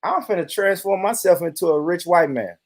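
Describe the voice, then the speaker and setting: A man's voice: high-pitched, lively intonation, brisk, no room sound. A man in his thirties hosting a loose, profane comedy chat, often slipping into mock voices for laughs. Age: 30s.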